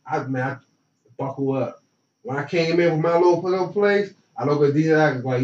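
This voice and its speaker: A young man telling a college football story in relaxed, slangy talk, acting out what others said. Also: on the high side, normal speed. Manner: relaxed, slangy, animated retelling with quoted dialogue. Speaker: former football player, guest. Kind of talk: casual storytelling. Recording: roomy, distant, dull lo-fi sound.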